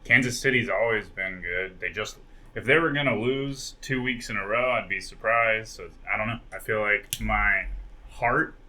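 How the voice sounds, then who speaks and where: A man gives frank, opinionated takes on a casual podcast. His voice is fairly low but bright and forceful, and he speaks plainly about what he likes and dislikes. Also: normal speed. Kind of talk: casual chat.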